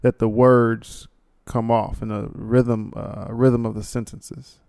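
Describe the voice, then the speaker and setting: Gravelly laid-back male podcast host. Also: medium pitch, flat delivery, slow pace, darkish tone, no room sound, studio quality. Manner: laid-back, rambling, laughs often, slangy. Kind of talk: casual chat.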